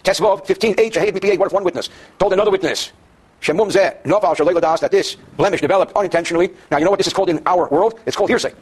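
A man's voice: sits high, very fast, slightly rough. A man teaching a daily class on Jewish law to students in the room. He reads Hebrew passages, then translates them and explains them with jokes. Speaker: Torah teacher.

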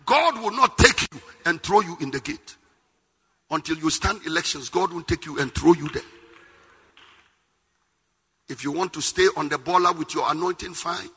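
A man preaching a fiery sermon, shouting and half-singing his lines. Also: on the high side, animated, normal speed, long pauses, breathy edge. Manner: impassioned, shouting and half-singing, mimicking tongues. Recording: music and long hall reverb.

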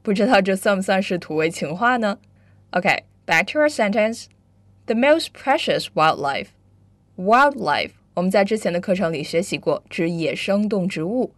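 A woman teaching English vocabulary and grammar, explaining slowly and clearly and moving between Chinese and English. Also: mid-range voice, animated, dry recording. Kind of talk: bilingual English lesson.

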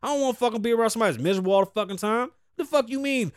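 A middle-aged man hosting a podcast, ranting bluntly with constant cursing, swinging from loud outbursts to low mutters. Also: racing, few pauses, no echo, clean studio sound. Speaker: podcast host. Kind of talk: profane opinion rant.

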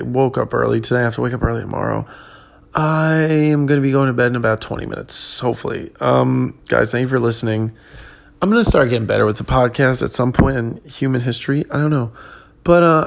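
A man with a very gravelly, creaky voice chats alone on his podcast, worn out and loose. He wanders from thought to thought, full of ums and self-corrections, at a mid pitch. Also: quick pace. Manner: rambling, many ums and restarts. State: tired. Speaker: comedian podcast host. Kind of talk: casual solo chat.

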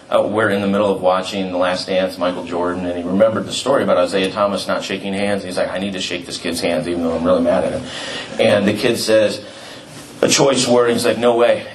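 Middle-aged pastor preaching in a roomy hall. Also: male voice, on the low side, slight background noise. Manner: conversational, storytelling with asides and fillers. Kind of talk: sermon. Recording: roomy, distant mic with faint ambience.

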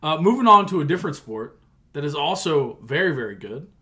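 A man's voice: on the high side, very animated, a little fast, pushed and bright. A man from the United States co-hosting a sports podcast in a laid-back, joking way of casual chat. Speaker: podcast co-host.

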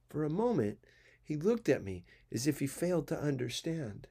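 A man narrating a classic novel in a measured, even storytelling manner. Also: mid-range voice, creaky, slightly rough. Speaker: audiobook narrator. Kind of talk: literary audiobook reading.

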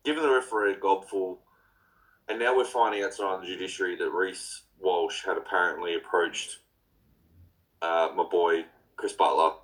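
A man's voice: low-pitched, fairly even intonation, moderate pace, rough recording. A man hosting a podcast, chatting in a blunt, laid-back way with swearing and banter. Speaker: podcast host. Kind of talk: casual podcast chat.

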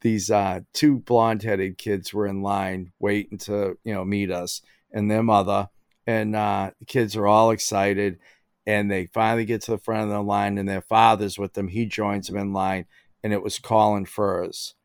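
A middle-aged man with a somewhat low voice tells stories in a loose, chatty way, packed with "you know" and "like". The sound is dry and close to the mic. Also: flat delivery, moderate pace, clear, resonant tone, dry recording. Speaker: guest. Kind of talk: casual storytelling.

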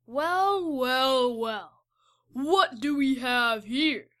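Give me a gloating cave creature villain, as a woman narrator puts it on, slow and bright. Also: sits high, lively intonation, full character voice.

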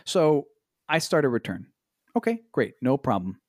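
Animated, exasperated man telling a story. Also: normal speed, no room sound, clean studio sound. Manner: animated, exasperated, swears a lot, jumps in pitch. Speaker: podcast co-host. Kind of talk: casual storytelling chat. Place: Los Angeles.

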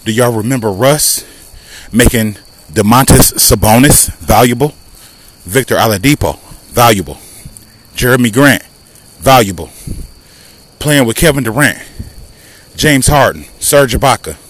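This mid-range male voice is very animated yet unhurried, with long pauses, a fairly bright tone, and a slightly rough quality on a rough recording. A Southern-accented podcast host, he talks emphatically and fires off rhetorical questions during a casual walking monologue near traffic, with light street noise and passing cars.

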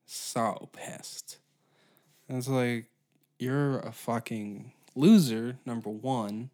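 A man's voice: mid-range voice, drawn-out words, mellow. Twenties male podcast host with a profane, sarcastic rant. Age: 20s. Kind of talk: solo comedy podcast rant.

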